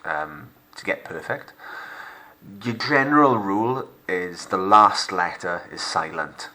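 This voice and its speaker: Male teacher, deep bright voice, narrating a recorded French lesson with careful, slow pronunciation. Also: lively intonation. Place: home recording for lockdown learning.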